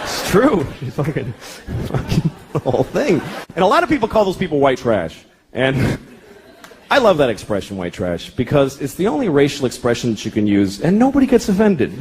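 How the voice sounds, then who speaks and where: A man in his thirties performs stand-up before a live audience, ranting in exasperation and swearing heavily. His voice is mid-range and sing-song at a normal speed, and the recording picks up room noise and the crowd laughing.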